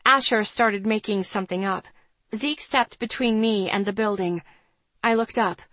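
A woman's voice: medium pitch, moderate pace, a bit bright, no room sound. A woman reading a first-person story aloud in a tense, dramatic way. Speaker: narrator. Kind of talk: first-person audiobook narration.

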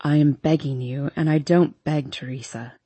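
A woman voicing a brooding drunk young man who pleads in a low, slurred murmur. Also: steady tone, moderate pace, dark tone, husky, no room sound. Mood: begging.

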